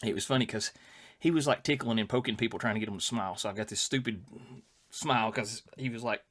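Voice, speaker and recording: A man's voice: on the low side, fast, a bit bright. An older man, telling rambling anecdotes as a podcast co-host, with many fillers and restarts. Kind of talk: casual storytelling chat.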